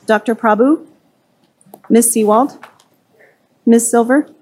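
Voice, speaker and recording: A woman's voice: fairly high pitch, slow pace, a little mellow, husky. Woman clerk reading a roll call. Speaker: board clerk calling the roll.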